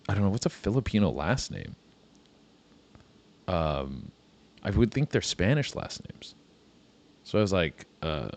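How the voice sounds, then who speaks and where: A man's voice: lowish voice, big pitch swings, moderate pace, pauses often, no echo. A man hosting a comedy podcast, riffing in a rambling, profane monologue and saying "dude" a lot.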